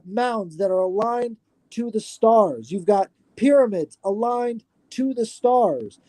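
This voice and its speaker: A man talking on a podcast as a guest, lecturing in an animated, profane way. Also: extremely high pitch, dry recording. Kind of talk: casual podcast chat.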